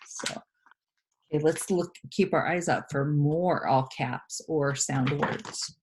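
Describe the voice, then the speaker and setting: Woman, first grade teacher, low voice, slow and patient explaining between read-aloud pages. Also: darkish tone, slight background noise. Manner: patient, explaining, with small asides. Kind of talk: read-aloud writing lesson.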